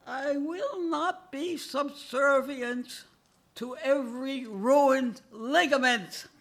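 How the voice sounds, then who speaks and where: An older woman poet giving a poetry reading, deliberate and measured, with chuckles between poems. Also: high-pitched, gravelly.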